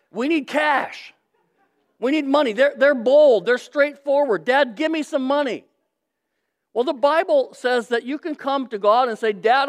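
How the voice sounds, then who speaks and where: A man's voice: high voice, no room sound, studio quality. A man, a pastor, preaching a sermon in a conversational, emphatic way with short repeated phrases.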